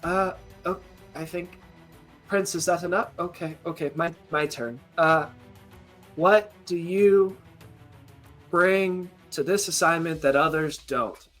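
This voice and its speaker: Brief: man playing a nervous, halting tabletop-game official, raised pitch, stumbling. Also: fairly bright tone, faint music behind. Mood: flustered. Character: fumbling hesitant male official.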